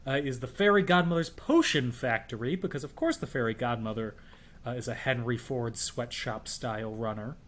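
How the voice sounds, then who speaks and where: A man's voice: medium pitch, expressive, normal speed, a bit bright. A man co-hosting a podcast, recapping a film in casual, playful chat. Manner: playful, joking. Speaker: podcast co-host.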